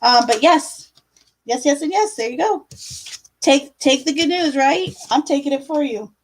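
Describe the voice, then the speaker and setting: On a live stream, a young tarot reader chats casually through her readings, packing in fillers and addressing viewers as "love" and "my dear." She speaks in a high, animated voice without hurrying, over poor audio.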